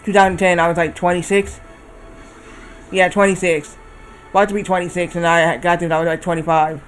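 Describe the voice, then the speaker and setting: Man, 30s, high voice, rambling casual streamer, faint music underneath. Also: little pitch movement, fairly quick. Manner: rambling, often corrects himself. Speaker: livestreamer. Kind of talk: casual chat while playing a game.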